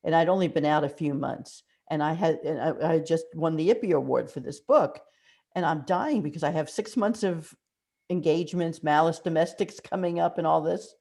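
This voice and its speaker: An older woman, a mystery author, telling animated anecdotes in an interview and acting out the quotes in them. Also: low-pitched, normal speed, vocal fry. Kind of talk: conversational storytelling interview.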